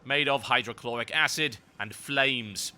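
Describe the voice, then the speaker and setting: A man narrates a video game guide in a sarcastic, ranting way, breaking into theatrical mock-grand lines. His voice is very bright and sharp. It is an average-pitched voice, recorded as a voice-over on game footage. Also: measured pace. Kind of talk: gameplay guide commentary.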